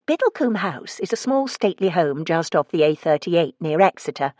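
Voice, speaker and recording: Woman narrator, low, expressive, wry; dry close studio sound. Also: moderate pace, hardly any pauses, no echo. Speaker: audiobook narrator. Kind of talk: scripted audiobook narration.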